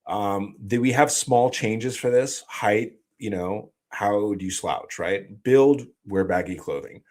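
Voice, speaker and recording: Male live-stream host, deep low register, relaxed chatty explainer. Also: slow. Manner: casual, loose explanatory talk with fillers and restarts.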